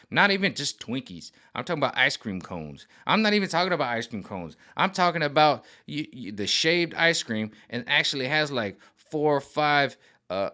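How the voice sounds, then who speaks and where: A man ranting comedically to camera, rambling and animated, jumping in and out of voices. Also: mid-range voice. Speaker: vlogger. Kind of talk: comedic rant.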